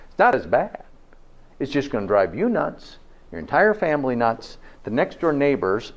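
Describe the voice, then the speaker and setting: A man's voice: mid-range voice, a little mellow. Folksy man lecturing, dull lo-fi sound. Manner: folksy, peppers points with "okay?" and rhetorical questions. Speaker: health presenter. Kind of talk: live lecture to an audience. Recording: dull lo-fi recording.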